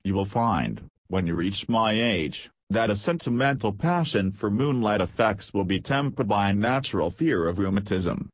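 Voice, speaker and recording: A man's voice: on the low side, expressive, normal speed, few pauses, no echo, clean studio sound. A man doing a jovial older husband. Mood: hearty.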